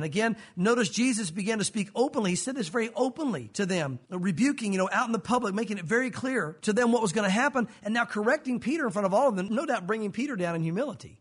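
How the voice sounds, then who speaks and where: A male pastor delivers an animated sermon at a quick clip. His voice sits high and sounds husky, and he slips into little acted-out voices as he teaches.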